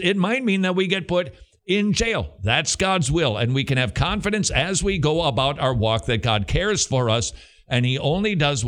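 Here the middle-aged host with the Southern American accent has a medium-pitched, slightly bright voice. On his Christian question-and-answer radio show, he delivers his words in an emphatic, preacherly style.

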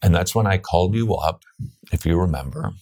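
A man's voice: low-pitched, lively intonation, a little fast, a little mellow. A man hosting a radio interview in a casual, teasing way, joking with his guest and telling stories. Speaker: radio host.

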